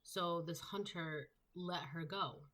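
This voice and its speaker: A woman with a low voice gives a casual tarot reading. She rambles, full of fillers and restarts. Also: takes it slowly, fairly bright tone. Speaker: tarot reader.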